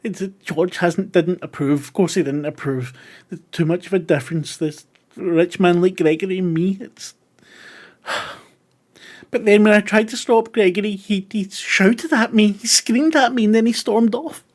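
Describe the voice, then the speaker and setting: A man's voice: high-pitched, voice pushed up. A man voicing a frightened young maid who is sobbing and stammering, in a tabletop game. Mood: tearful. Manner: halting, tearful, stammering.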